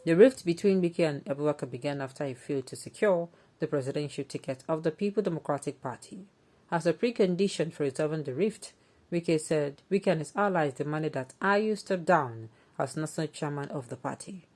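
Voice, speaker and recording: A woman with a Nigerian accent presenting a news story and adding opinionated, animated commentary. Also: low-pitched, a little fast. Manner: opinionated, animated, chatty asides.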